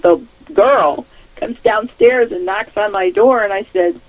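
A woman's voice: medium pitch, measured pace. Woman caller on a tinny phone line, chatty, laughs a lot while telling her story. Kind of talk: telling a personal ghost story. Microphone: telephone.

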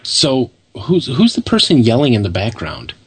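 A man's voice: medium pitch, wildly swooping pitch, normal speed, breathy edge. A man co-hosting a casual radio chat, asking skeptical questions. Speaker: co-host.

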